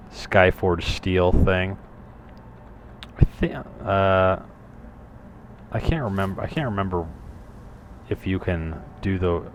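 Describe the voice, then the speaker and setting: Deep-voiced man rambling over gameplay. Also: dull audio, slight background noise. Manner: rambling, profane, jokey asides. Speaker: gameplay commentator. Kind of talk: casual gameplay commentary.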